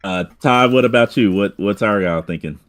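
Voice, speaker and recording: A man running a tabletop game as game master, talking in halting stretches full of fillers and restarts. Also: lowish voice.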